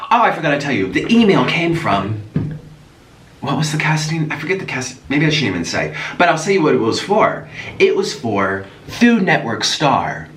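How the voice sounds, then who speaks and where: A man vlogging as he eats, chatty and animated, breaking off with sudden gasps and exclamations. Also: fairly high pitch. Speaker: mukbang vlogger. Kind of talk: casual chat while eating. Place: echoey room at home. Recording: echoey room, voice from a distance, faint noise.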